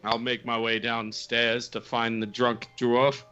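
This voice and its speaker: A man's voice: mid-range voice, level tone, a little slow, bright, forceful tone, clean tone, faint music behind. A man playing a tabletop game, giggly and playful, in slightly muffled lo-fi audio. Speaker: player. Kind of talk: casual tabletop game chat.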